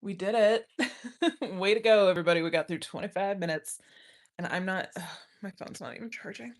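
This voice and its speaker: A woman's voice: medium pitch, a little fast. A woman chatting casually on a live study stream, rambling with frequent ums and laughing often. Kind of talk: casual livestream chat.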